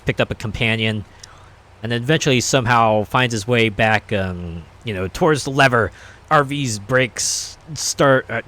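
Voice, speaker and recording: A man's voice: lowish voice, a bit bright. A man streaming a game, chatting casually in a rambling, hesitant way with many fillers. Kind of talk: casual chat while playing.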